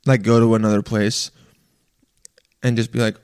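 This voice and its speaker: A man delivering an animated, profane rant in a casual monologue, stammering and restarting often. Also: medium pitch, normal speed, pauses often. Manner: profane, exasperated, animated ranting.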